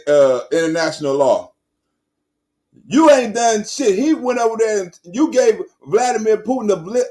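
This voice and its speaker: Man, host, high voice, heated profane rant, mocking repetition, reaction commentary. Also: a little mellow. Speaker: host reacting to a news clip.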